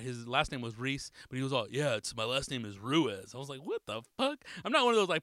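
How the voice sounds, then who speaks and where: A casual male podcast host rattling off shout-outs, cursing freely and laughing along the way. His voice sits a little high and comes across bright and forceful. The sound is dry and close. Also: no echo. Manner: loose, profane, laughing.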